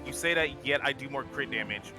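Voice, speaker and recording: A man streaming a video game with friends, casually sorting and auctioning off gear and reading out item numbers with quick restarts. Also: mid-range voice, pushed and bright, soft background music. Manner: organizing, auctioning items, lists numbers with restarts. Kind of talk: casual gaming chat.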